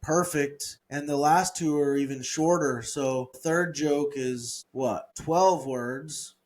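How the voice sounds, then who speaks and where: A man co-hosting a comedy podcast, workshopping his own jokes in casual chat and reading lines in an animated voice. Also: fairly high pitch, slow pace. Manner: reads joke lines in a raised, animated voice; laughs easily, thinks aloud.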